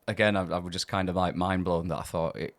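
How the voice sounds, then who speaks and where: A man's voice: low-pitched, fairly even intonation, fast. A man with a South Yorkshire accent hosting a podcast, chatty and laughing as he asks questions. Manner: chatty, laughing, friendly interviewer. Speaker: podcast host. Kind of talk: casual chat.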